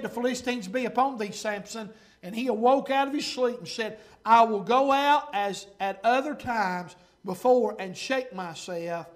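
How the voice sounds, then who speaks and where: A man preaching a sermon, reading scripture slowly and stopping for fervent, folksy asides that swing from loud to hushed. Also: high-pitched. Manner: reads scripture slowly and deliberately.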